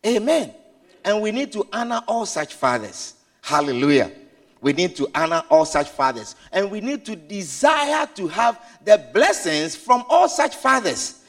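A man preaching with a very high voice that swoops up and down. He repeats his lines with fervor and climbs to shouted peaks, then drops low again. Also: very animated, unhurried. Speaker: pastor. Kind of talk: sermon.

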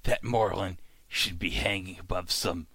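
A man putting on a gruff, brooding young male sea hero with a low grumbling mutter. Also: steady tone, a little slow, bright, forceful tone, no echo, full character voice. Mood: grumbly.

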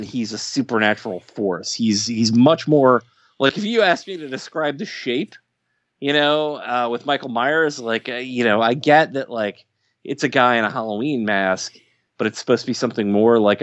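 Measured man in a dry room. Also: mid-range voice, dry recording, highs cut off. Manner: thoughtful, measured, hesitant with fillers. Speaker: podcast co-host. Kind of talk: casual movie chat.

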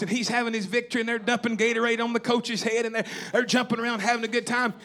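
A man's voice: extremely high pitch, fairly bright tone. A man from Tennessee, preaching a sermon with emphatic, repeated calls to the congregation. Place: church or camp meeting hall.

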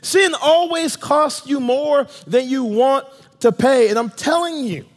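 A male pastor preaches with emphatic call and response in a church sanctuary. His voice sits notably high for a man. A long reverb rings out behind every phrase. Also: measured pace. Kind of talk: sermon. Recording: long reverb of a large room.

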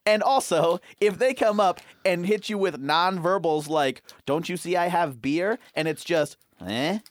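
A man's voice: high-pitched, a little slow, dry recording. Exasperated ranting podcast co-host man. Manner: ranting, exasperated, swears freely. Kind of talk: casual chat.

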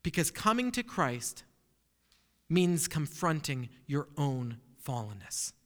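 Male pastor, high sharp voice, emphatic sermon delivery with rhetorical questions, long hall reverb. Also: big pitch swings, slow.

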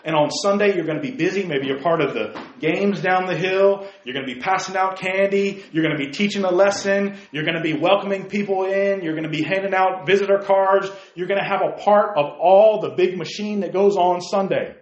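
Conversational pastor preaching in an echoey church. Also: male voice, high-pitched, a little fast, few pauses, highs cut off. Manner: conversational, asks the congregation questions. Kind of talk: sermon.

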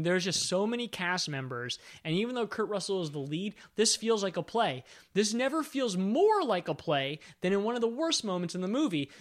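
High-voiced man hosting a film chat. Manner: animated, acts out movie scenes while retelling. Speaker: podcast host. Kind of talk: casual film discussion.

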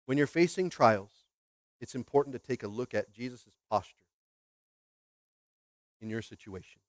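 A male pastor preaching a lively sermon, asking the congregation questions and swinging between quiet asides and loud, emphatic bursts, often repeating words as he restarts. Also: mid-range voice, moderate pace, pauses often, no room sound.

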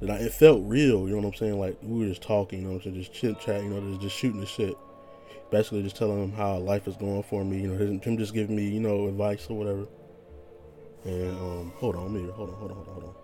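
Laid-back, mellow-voiced young podcast guy. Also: on the low side, level tone, fast talker, soft background music. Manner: laid-back, rambling, profane, heavy slang. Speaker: podcast host. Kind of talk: casual solo podcast monologue.

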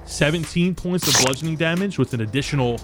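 A man running a tabletop role-playing game as game master, describing the scene in a casual, descriptive way and slowing down for effect. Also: fairly high pitch, loud music behind the voice.

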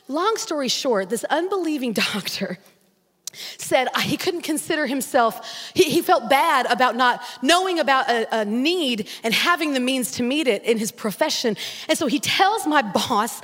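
Lady pastor preaching, lively swooping voice, big echo in the church. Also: sits high, moderate pace. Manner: animated, dramatic retelling with acted-out prayers and voices. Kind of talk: sermon storytelling. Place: church sanctuary. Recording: long church reverb.

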